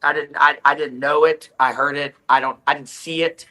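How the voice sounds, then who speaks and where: A man telling a volleyball story in casual chat, often repeating and restarting his words, his voice recovering from hoarseness. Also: fairly high pitch, steady tone, normal speed, sharp tone, low-quality recording. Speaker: volleyball guest.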